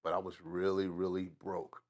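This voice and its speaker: A middle-aged man from Atlanta with a Southern accent, telling profane, animated stories as an interview guest. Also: deep voice, normal speed. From Atlanta, Georgia. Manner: animated storyteller, profane, drawling asides. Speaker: guest rapper. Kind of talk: casual storytelling interview.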